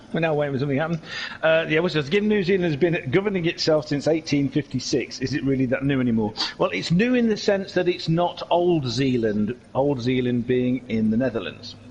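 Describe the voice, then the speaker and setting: A man's voice: fairly high pitch, animated, fairly quick, darkish tone, lo-fi sound, a little hiss or hum. A man giving casual, jokey commentary on a racing game, with rambling, self-mocking asides. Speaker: race commentator. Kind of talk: casual race commentary over game footage.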